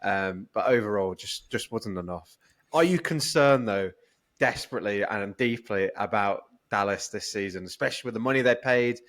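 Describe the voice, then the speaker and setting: A man's voice: lowish voice, moderate pace, fairly bright tone. A British man co-hosting a sports podcast, teasing and joking in casual chat. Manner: joking, teasing, repeats catchphrases. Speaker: podcast co-host.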